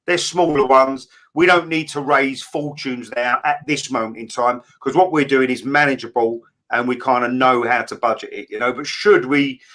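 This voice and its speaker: A middle-aged man, a guest talking candidly in a casual interview, often pausing on fillers and restarting. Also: medium pitch, steady tone, a bit bright. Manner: candid, plain-spoken, with many fillers and restarts.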